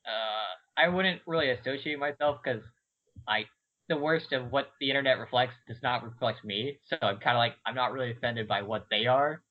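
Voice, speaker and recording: A man's voice: medium pitch, moderate pace. Hesitant man full of fillers. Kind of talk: casual podcast chat. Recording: dull lo-fi audio.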